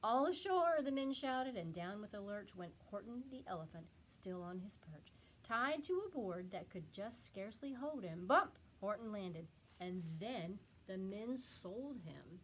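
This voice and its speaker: A woman teacher reading a rhyming picture book aloud to children with expressive, animated storytelling. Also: mid-range voice, unhurried, slight background noise.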